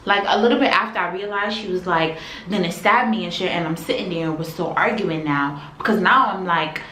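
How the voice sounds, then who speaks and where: A woman vlogger telling a personal story in a casual, animated, slangy way that swings between loud and quiet. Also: on the low side, a little fast. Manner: animated, slangy retelling, shifts loudness. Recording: echoey room, faint background hum.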